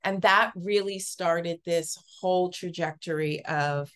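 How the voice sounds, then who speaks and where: A woman telling a personal story as an interview guest, earnest and halting, often repeating words. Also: on the low side, fairly bright tone. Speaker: podcast guest, psychic Reiki master.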